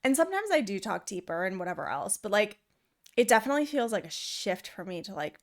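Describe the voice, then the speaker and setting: A young woman streamer chatting casually over gameplay, with a high, girly, valley-girl way of talking and a lot of giggling. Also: very animated, fast, a bit bright.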